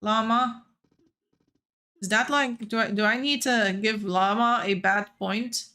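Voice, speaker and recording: A woman's voice: medium pitch, fairly even intonation, unhurried, sharp tone. A woman streaming a game, chatting casually and playfully with the other players and her viewers.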